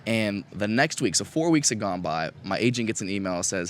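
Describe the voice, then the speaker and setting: A man who is a comedian guest on a live podcast, telling stories and trading dry, deadpan quips. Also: fairly low pitch, brisk, a little hiss or hum. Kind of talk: casual live podcast banter.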